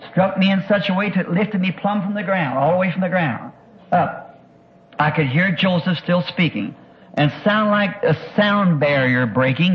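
High-voiced preacher on old tape. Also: male voice, lo-fi sound, slight background noise. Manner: earnest, halting, repeats words and restarts. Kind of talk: sermon testimony.

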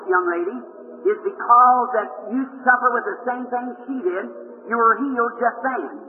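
A man with a very high voice preaches at a revival meeting and calls out people in the crowd one by one. He fires quick, short questions at them. The tape is thin and phone-like, with a long hall echo and faint hiss. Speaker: healing evangelist. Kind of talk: revival healing sermon. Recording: old tinny archival hall recording.

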